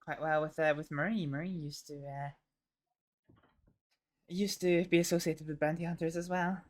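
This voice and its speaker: A woman's voice: low-pitched, fairly even intonation, normal speed. A woman roleplaying in a western game, answering politely with frequent laughter. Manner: polite, laughs often, short responses. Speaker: roleplayer and streamer. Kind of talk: in-character roleplay chat.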